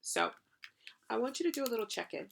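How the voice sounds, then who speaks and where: A woman's voice: a little high, very animated, fast talker, vocal fry, slight background noise. A woman hosting a channeled spiritual podcast, talking effusively with casual swearing and lots of "you know" and "right?". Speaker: podcast host and spiritual coach.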